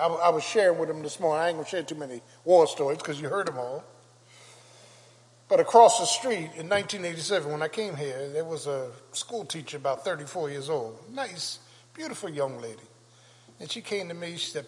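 An older male pastor preaching a sermon with call-and-response, building to shouts. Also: fairly high pitch, lively intonation, moderate pace. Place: church sanctuary. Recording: long church reverb.

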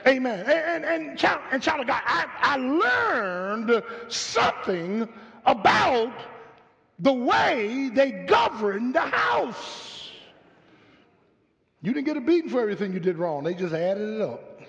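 High, lively preacher in a hall. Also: male voice, takes it slowly, creaky, a little hiss or hum. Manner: call-and-response preaching, rising to shouts. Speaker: pastor. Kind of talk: sermon. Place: church sanctuary. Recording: muffled live audio in a hall.

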